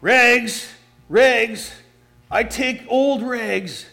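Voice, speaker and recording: A man voicing a strong young male ragman with a clear tenor, calling out loudly in a sing-song street cry. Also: medium pitch, lively intonation, moderate pace, soft background music, voice pushed down, natural voice.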